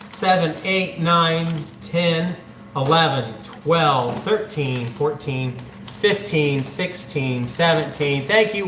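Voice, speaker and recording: A man's voice: fairly high pitch, a bit bright, slight background noise. Chatty man counting money in an echoey room. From central Ohio, USA. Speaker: livestreaming channel host. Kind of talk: casual livestream chat. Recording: echoey room with faint background ambience.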